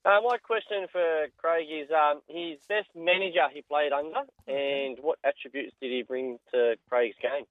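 A man's voice: a little high, fairly even intonation, moderate pace, few pauses, no echo. A man calling in to a radio show, asking a question a little hesitantly over the phone. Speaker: caller. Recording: tinny phone line.

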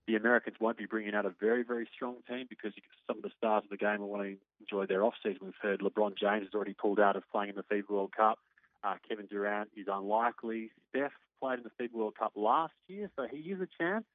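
Fast-talking Australian man on a phone line. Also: fairly low pitch, steady tone, no room sound. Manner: chatty, quick storytelling. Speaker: sports correspondent. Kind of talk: sports radio report. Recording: tinny phone line, dry.

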